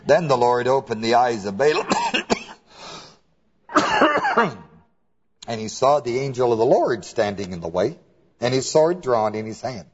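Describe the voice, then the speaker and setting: A man's voice: mid-range voice, wildly swooping pitch, unhurried, pauses often, slightly rough. A man preaching a folksy Bible lesson, retelling scripture in colloquial words with frequent chuckles. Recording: dull lo-fi recording.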